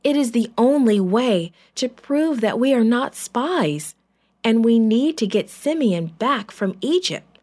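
A woman voicing a group of worried adult brothers, speaking higher and pleading anxiously. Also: animated, slow, a little mellow.

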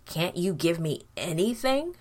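A woman voicing an angry young hunter who speaks gruffly and bitterly. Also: fairly low pitch, very animated, unhurried, a little mellow. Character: angry young man, rough hunter son.

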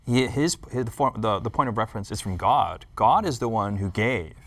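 A man's voice: fairly low pitch, animated, fairly quick, a bit bright, dry recording. A man talking casually in a Bible study discussion, thoughtful, repeating words and restarting as he reasons aloud. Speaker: discussion panelist.

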